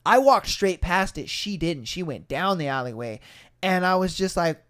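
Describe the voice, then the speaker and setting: A man's voice: sits high, normal speed. A young man hosting a podcast, telling a story in casual chat with lots of swearing and acted-out quotes. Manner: animated, swearing, acts out voices in quotes. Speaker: podcast host.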